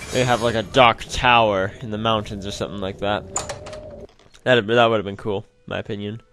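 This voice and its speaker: A man giving casual commentary over his gameplay, rambling along and poking fun at himself. His pitch sits in an ordinary middle range, with a faint hiss behind him. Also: fairly bright tone. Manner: chatty, rambling, self-mocking, laughs often. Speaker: let's play host.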